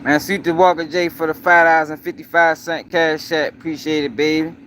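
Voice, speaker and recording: A man's voice: fairly high pitch, level tone, a little fast, fairly bright tone, a little hiss or hum. Emphatic man ranting on a livestream. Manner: emphatic, repetitive, addresses viewers directly. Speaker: news commentary host. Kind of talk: livestream commentary.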